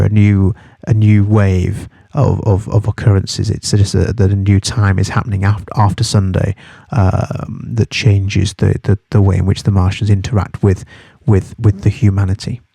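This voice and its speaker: A man teaching as he explains a novel for a study guide, halting and thorough, spelling terms out. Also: fairly low pitch, level tone, creaky, mellow, no echo, clean studio sound.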